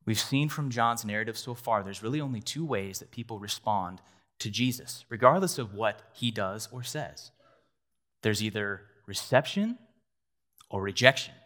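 A man's voice: on the low side, fairly bright tone. A man in his thirties, a pastor preaching an earnest, conversational sermon with asides to the congregation.

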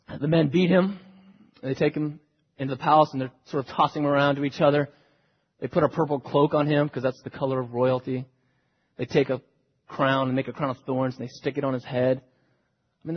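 Husky preacher man in an echoing hall. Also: fairly high pitch. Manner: dramatic, swings between hushed and loud delivery. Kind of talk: sermon retelling a scripture story. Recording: dull recording with long hall reverb.

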